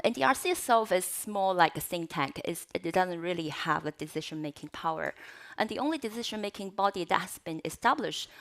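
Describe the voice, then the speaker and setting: Low-voiced woman with a cough. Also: fairly bright tone. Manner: measured, with frequent fillers and self-corrections. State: has a cough, voice altered by a cough drop in her mouth. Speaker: conference panelist. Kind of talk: academic panel talk.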